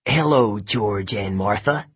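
Raspy, grumbling male snake, sarcastic and put-upon, a man puts him on. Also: on the low side, slow, fairly bright tone, exaggerated voice.

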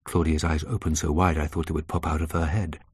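Guy reading a thriller aloud, deep husky voice, measured and tense. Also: level tone, darkish tone, dry recording, studio quality. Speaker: audiobook narrator. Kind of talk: scripted narration.

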